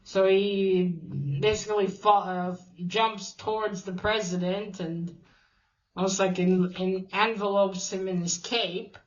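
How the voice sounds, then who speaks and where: A woman's voice: medium pitch, steady tone. Chatty swearing woman recapping comics, lo-fi. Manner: chatty, swears often, reads quotes in quick put-on voices. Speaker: comic book reviewer.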